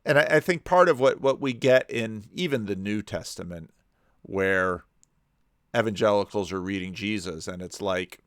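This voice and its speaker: Man with a smooth, dry voice. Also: on the low side, normal speed, dry recording. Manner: digressive, frequent restarts and repeated words. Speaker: video commentator. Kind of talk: pausing and commenting on a played video.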